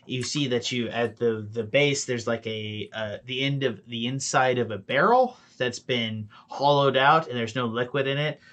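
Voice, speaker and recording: A man's voice: medium pitch, normal speed, hardly any pauses, fairly bright tone. A man narrating as dungeon master, rambling with fillers and restarts. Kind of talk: narrating a tabletop game.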